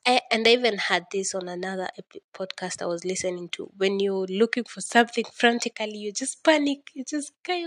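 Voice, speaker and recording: A young woman with a Kenyan accent talks through a loose solo podcast at a middling pitch. She rambles, plays things up dramatically and laughs often. Her voice sounds dry and close, with almost no room around it. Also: fast, no room sound. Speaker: podcast host. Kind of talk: casual solo podcast monologue.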